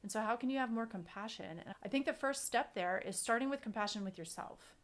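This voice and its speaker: A woman's voice: a little high, quick pace. Earnest, emphatic woman podcast host. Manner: earnest, emphatic, repeats key phrases. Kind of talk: casual chat.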